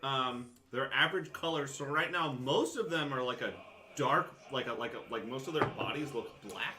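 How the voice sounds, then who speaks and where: A man's voice: mid-range voice, moderate pace, bright, forceful tone, slight background noise. A man acting as game master, describing a scene casually and laughing often. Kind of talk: narrating a tabletop game.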